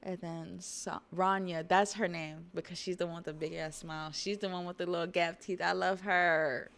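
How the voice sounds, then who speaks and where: A woman's voice: fairly low pitch, fairly even intonation, fairly quick. A woman streamer reacting emotionally and swearing as she reads a manga aloud. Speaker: streamer reading manga live. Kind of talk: casual reaction chat.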